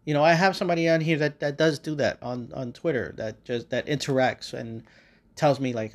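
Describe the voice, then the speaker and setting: Man, podcast host, casual monologue, rambling, swears a lot, many fillers, middle pitch. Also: brisk.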